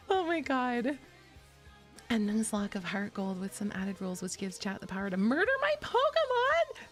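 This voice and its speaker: A woman's voice: on the high side, big pitch swings, a little slow, pauses often, faint music behind. A woman VTuber chatting casually on a stream, rambling, giggling often and poking fun at herself. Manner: rambling, giggly, self-deprecating.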